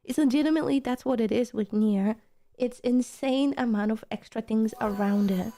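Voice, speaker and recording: A woman's voice: a little high, normal speed, mellow. A woman streamer in casual reaction-stream chat, gushing and emotional, repeating her thanks over and over.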